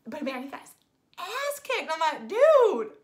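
A woman giving a casual spoiler movie review, gushing and excitable, with "like" in nearly every sentence. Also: high voice, normal speed. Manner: gushing, excitable, says "like" constantly.

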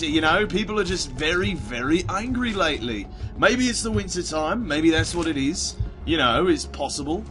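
Over soft background music, a man with a fairly high, animated voice and a sharp tone talks at normal speed while playing a video game. He's a gaming YouTuber doing let's play commentary, chatty and meandering, with lots of fillers and false starts.

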